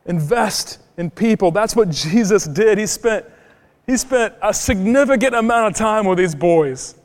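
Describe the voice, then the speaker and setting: A man's voice: sits high, lively intonation, unhurried, long reverb tail. A man pastor preaching a sermon in a church, emphatic and full of rhetorical questions.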